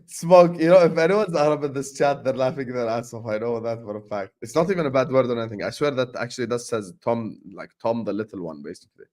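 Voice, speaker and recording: A man's voice: medium pitch, fast talker, hardly any pauses. Casual young-sounding male streamer host. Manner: excited, shouts out viewers by name. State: sleepy, yawning. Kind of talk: casual livestream chat.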